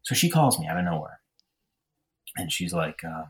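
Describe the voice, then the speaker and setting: A man's voice: deep voice, sing-song, normal speed. A young man telling a long personal story in a casual chat, rambling with lots of fillers and restarts. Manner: rambling, self-deprecating, frequent fillers and restarts. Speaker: podcast storyteller.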